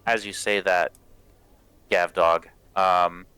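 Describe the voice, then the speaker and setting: A man with a very low, smooth voice runs a tabletop game at an unhurried pace. His narration is casual and rambling, full of fillers, with faint music behind him. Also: fairly even intonation, bright, forceful tone, dry recording. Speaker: game master.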